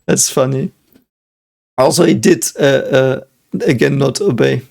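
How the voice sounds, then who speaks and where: Reacting to an episode of anime, a physicist muses aloud in a casual, analytical and reflective way. He speaks unhurriedly in a medium-pitched, darkish voice with vocal fry.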